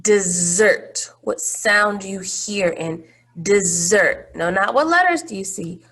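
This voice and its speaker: A woman's voice: mid-range voice, animated, slow pace, fairly bright tone. A woman teaching a phonics lesson to young children, patient and encouraging, drawing out each word.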